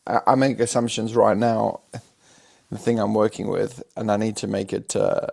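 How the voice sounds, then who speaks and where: A man hosting a casual technical chat, hesitant and gravelly, trailing off softly. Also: lowish voice, flat delivery, moderate pace.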